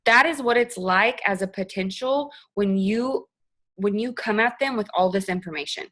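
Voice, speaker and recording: A woman's voice: mid-range voice, moderate pace, a bit bright. Young woman on a team call, chatty and upbeat, coaching her sales team. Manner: chatty, upbeat, acts out example messages. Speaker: direct-sales team leader.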